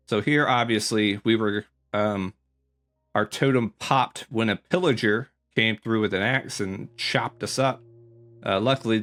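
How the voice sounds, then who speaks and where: A man's voice: mid-range voice, a bit bright. Rambling man giving a game tour. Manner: rambling, filler-heavy, self-correcting. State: slightly out of breath. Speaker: gaming YouTuber. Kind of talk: casual game commentary tour.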